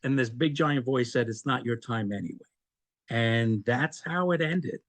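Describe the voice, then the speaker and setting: A middle-aged man, an interview guest, telling a personal story in casual conversation, animated and quick to laugh, often restarting and repeating words. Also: mid-range voice.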